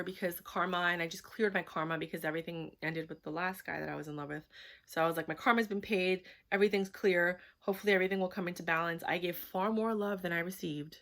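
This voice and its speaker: Frank, bright-voiced woman in her thirties. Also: fairly low pitch, quick pace. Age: 30s. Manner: rambling and frank, peppered with fillers and swearing. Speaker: vlogger. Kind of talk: candid storytelling vlog.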